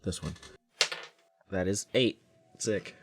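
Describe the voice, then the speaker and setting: Slow, low-voiced male player. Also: slight background noise. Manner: slow, hesitant, laid-back. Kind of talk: tabletop game play.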